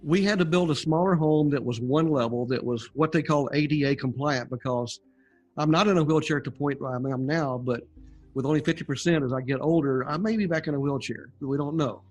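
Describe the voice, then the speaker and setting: An older man recounts his experiences in an easygoing, folksy way, chuckling now and then. His voice sits a little high for a man. Soft music plays faintly underneath. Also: brisk. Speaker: guest sharing near-death testimony. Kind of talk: casual storytelling interview.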